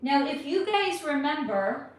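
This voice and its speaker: A woman's voice: high voice, sing-song, a little slow. Rambling woman in a very echoey room. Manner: rambling, hesitant, swears casually. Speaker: livestream host reading chat. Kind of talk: casual livestream chat.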